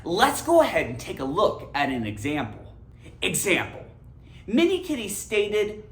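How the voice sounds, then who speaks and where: A woman giving a scripted grammar lesson, animated and emphatic. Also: medium pitch, unhurried, roomy sound. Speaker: English grammar teacher.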